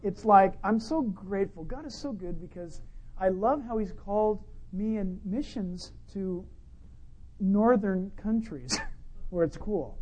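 A male pastor preaching a sermon in a conversational, humorous way, full of rhetorical questions and swinging between loud and quiet. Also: sits high, unhurried, breathy edge.

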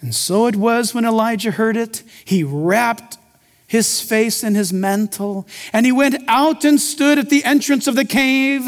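A male pastor preaching a sermon, swinging from booming emphasis to hushed, intimate asides. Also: a little slow, in a large hall.

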